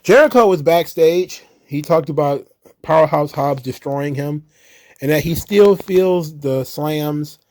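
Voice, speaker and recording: A man's voice: fairly high pitch, measured pace, darkish tone. A man casually recapping wrestling shows, chatty and chuckling, with frequent fillers. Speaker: wrestling commentary host.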